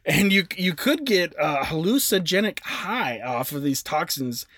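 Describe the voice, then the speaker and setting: A man's voice: fairly high pitch, expressive, moderate pace, fairly bright tone. A young adult man co-hosting a podcast in casual chat, presenting facts with jokey asides. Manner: chatty, jokey, with self-aware asides. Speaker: podcast co-host.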